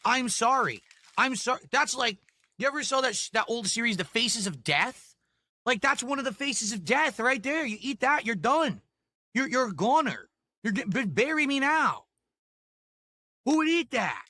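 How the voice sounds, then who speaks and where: A man's voice: very high voice, very animated, normal speed, pushed and bright. A man reviewing food on camera from his desk at home, ranting indignantly and repeating himself. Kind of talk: angry food review rant.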